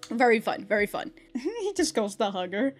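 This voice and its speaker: A fairly high-voiced woman talks through an anime episode in loose, chatty commentary. She laughs often, swears freely and slips into quick impressions of the characters. Faint music sits under her voice. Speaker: anime reaction host. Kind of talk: casual reaction commentary. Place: in Japan.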